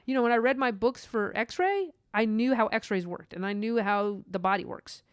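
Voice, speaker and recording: A woman talking through her own faith podcast, earnest and meandering, full of "like" and side thoughts. Her voice is smooth and clear, recorded close and dry with no room sound. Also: fairly high pitch, normal speed, no room sound. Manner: earnest, rambling, with many asides and "like". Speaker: podcast host. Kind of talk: personal faith podcast monologue.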